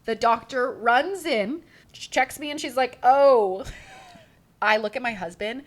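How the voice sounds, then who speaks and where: A woman hosting a podcast, telling a personal story in a chatty, animated way, full of "like" and acted-out quotes. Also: on the high side, a little slow. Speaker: podcast host.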